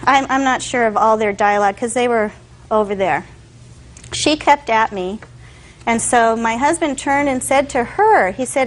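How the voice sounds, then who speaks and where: A woman's voice: fairly high pitch, normal speed, rough recording. A young woman testifying as a defendant in court, telling her story with animation and acting out other people's voices.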